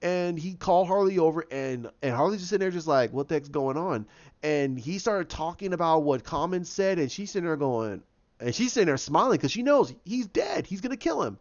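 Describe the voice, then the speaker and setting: A man's voice: fairly high pitch, expressive, a little fast. A man giving his casual opinions, rambling with frequent restarts and acting out quotes. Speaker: video host giving opinions. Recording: dull lo-fi recording.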